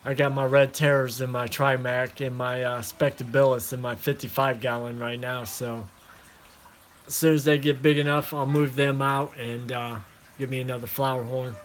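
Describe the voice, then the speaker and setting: A man chatting casually to viewers about his fish in a relaxed, rambling way, talking into a phone and calling everyone man and dude. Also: medium pitch, moderate pace, slight background noise. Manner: laid-back, rambling, calls listeners man and dude. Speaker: aquarium hobbyist vlogger.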